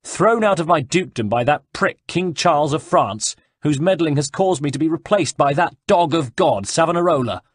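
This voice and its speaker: A bitter young nobleman in exile, raised and indignant, spitting out his grievances, as a male reader puts him on. The voice is husky and recorded close and dry. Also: fairly high pitch, very animated, normal speed, dry recording, pitched above the performer's own voice. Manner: indignant, ranting.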